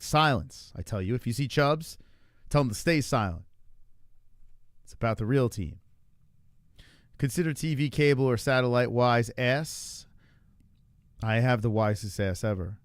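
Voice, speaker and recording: A man's voice: medium pitch, no room sound, clean studio sound. A man hosting a casual livestream, ranting and joking with chat, often profane and mocking. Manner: ranting, mocking a chatter in a put-on voice; profane and jokey. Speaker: livestream host.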